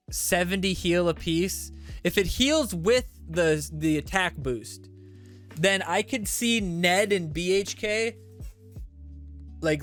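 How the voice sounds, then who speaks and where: A man's voice: high-pitched, fairly bright tone. Male streamer host reading chat. Casual, swears often, jokes around. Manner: loose, profane, joking.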